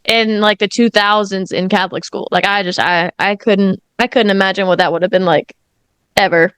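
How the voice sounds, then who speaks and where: A woman from Philadelphia in casual podcast chat, loud and emotional, swearing freely. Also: mid-range voice, fairly even intonation, a little fast, smooth, dry recording. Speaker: podcast guest.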